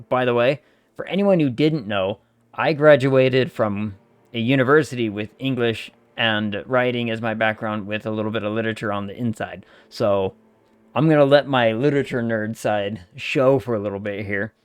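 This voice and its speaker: A man's voice: medium pitch, clear, resonant tone, no room sound. Chatty streamer man, dry close mic. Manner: chatty, loose, swears casually. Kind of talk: casual gaming stream chat.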